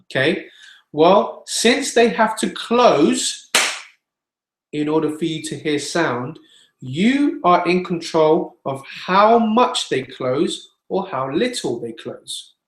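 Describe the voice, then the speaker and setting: A man's voice: on the high side, very animated, slow pace, a bit bright, roomy sound, a little hiss or hum. A man teaching singing in a webinar, explaining plainly and demonstrating sounds with his own voice.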